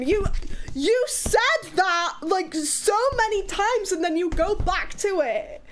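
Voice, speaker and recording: A British-accented woman from Wales chatting on a live stream, with a high, bright voice. She talks in a loose, chaotic way, swearing freely and breaking into laughter. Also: lively intonation, slow pace. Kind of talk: casual live-stream chat.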